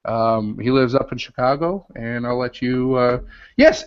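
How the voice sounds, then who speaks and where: A man's voice: medium pitch, a little slow, clear, resonant tone, dry recording. A man hosting a casual livestream from his garage, talking in a loose, rambling way with lots of ums and uhs. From Illinois. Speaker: host. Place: home garage with door open. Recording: dull lo-fi webcast mic.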